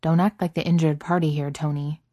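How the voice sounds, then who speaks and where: A woman's voice: sits low, level tone, brisk, mellow, no echo, studio quality. Woman reading as a reserved, tightly controlled soldier. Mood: cold. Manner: controlled and earnest. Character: earnest, reserved soldier man, hurt and controlled.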